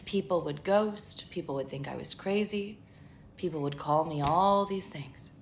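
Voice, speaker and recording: A woman in her thirties giving an earnest spiritual pep talk as a tarot reader, with emphatic lists that often sink into a hushed, breathy near-whisper. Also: deep voice, a little slow, a little hiss or hum. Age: 30s.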